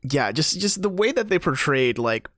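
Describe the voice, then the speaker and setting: A young man co-hosting a podcast, recapping a game's story in a relaxed way with lots of fillers. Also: fairly high pitch, moderate pace, dry recording, studio quality. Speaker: podcast co-host. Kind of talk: casual game discussion.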